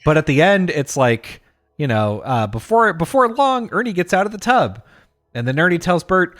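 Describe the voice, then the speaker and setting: A man's voice: a little high, big pitch swings, normal speed, a bit bright. A man co-hosting a podcast, chatting casually in a rambling, self-deprecating way. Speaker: podcast co-host. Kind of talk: casual chat.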